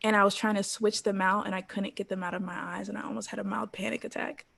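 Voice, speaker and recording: A woman in her thirties, a guest on an interview podcast, telling her story in an animated way full of "like" and quoted thoughts. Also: mid-range voice, fast, vocal fry, husky. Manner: animated storyteller, quoting herself, frequent "like" and laughs. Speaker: interview guest, former pro cheerleader.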